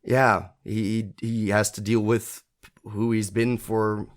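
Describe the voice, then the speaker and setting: A man's voice: lowish voice, little pitch movement, slow. A man co-hosting a podcast in casual chat, thinking aloud with frequent restarts and fillers. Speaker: podcast co-host. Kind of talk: casual chat reviewing a TV episode.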